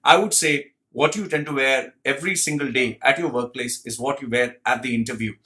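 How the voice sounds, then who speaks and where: Guy coaching on job interviews, bright edgy voice, swears a lot, very blunt. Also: medium pitch, fairly quick. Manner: forceful, profane, emphatic. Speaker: career coach. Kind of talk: blunt advice monologue.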